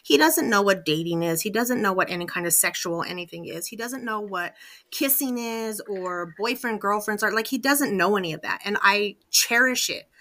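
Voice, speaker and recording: Bright-toned lady on a podcast, chatting freely, goes on and on telling stories. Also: medium pitch, normal speed. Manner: candid, rambling storytelling. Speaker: podcast guest. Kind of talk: casual interview chat.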